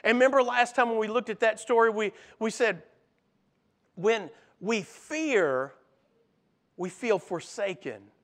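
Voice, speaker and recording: A man preaching a sermon, acting out the voices he quotes and dropping soft and low for emphasis. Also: lively intonation, measured pace. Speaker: pastor.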